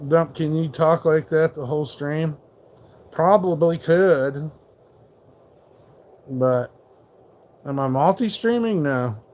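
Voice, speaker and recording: A man's voice: on the high side, takes it slowly, long pauses, darkish tone. A man hosting a live stream, ranting in a rambling, profane and mocking way while reacting to chat. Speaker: livestream host.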